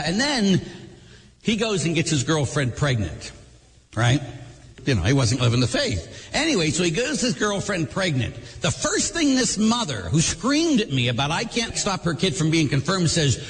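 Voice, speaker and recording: A man's voice: fairly high pitch, sing-song, normal speed. A middle-aged man, a Catholic parish priest, preaching a sermon and telling stories, acting out both sides of each conversation. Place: church. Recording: long church reverb.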